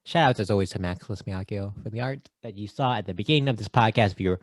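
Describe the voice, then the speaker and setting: A man's voice: on the low side, fast talker, dry recording. Man, casual podcast co-host, playful, dry close sound. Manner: playful, rattling off shout-outs. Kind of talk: casual chat.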